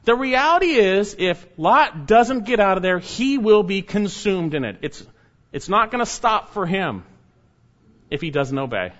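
A man delivers a sermon in a fairly high voice. He is emphatic, swinging between loud urging and low, hushed warnings. The recording sounds dull and lo-fi. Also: big pitch swings, measured pace. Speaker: pastor.

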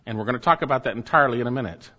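A man's voice: medium pitch, racing, sharp tone, long reverb tail, muffled recording. A man preaching a sermon emphatically, swelling up and then dropping to near murmurs. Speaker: pastor.

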